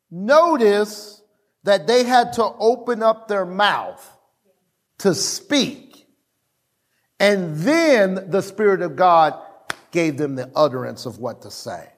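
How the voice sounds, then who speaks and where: A man preaches to his congregation in a fairly high voice. He takes his time, leaning hard on key words and breaking into short exclamations of praise. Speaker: pastor. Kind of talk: sermon. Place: church service.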